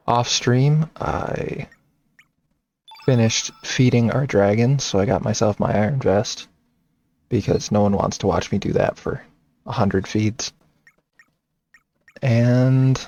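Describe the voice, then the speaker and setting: A man casually commenting on his game playthrough, rambling and thinking out loud. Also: medium pitch, dull audio. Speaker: game streamer. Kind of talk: casual let's-play commentary.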